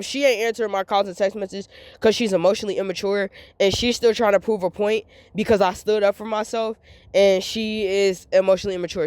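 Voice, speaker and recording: A woman's voice: mid-range voice, darkish tone, no room sound. Young woman vlogger, candid venting monologue, emphatic and repetitive, dry close sound. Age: young adult.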